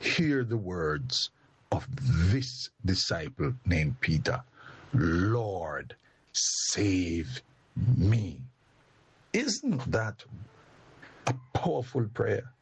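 A male preacher delivers a sermon at an unhurried, deliberate pace. His voice is gravelly and husky, and it rises and falls in wide, lively swings of pitch. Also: no echo. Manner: slow and deliberate with sweeping pitch.

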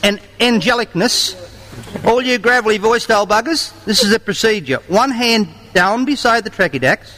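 A man's voice: sits high, lively intonation, moderate pace, pushed and bright, poor audio. An Australian man with a cheeky, bawdy manner, leading an audience sing-along with comic stage patter at a live venue. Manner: cheeky, bawdy banter with the crowd.

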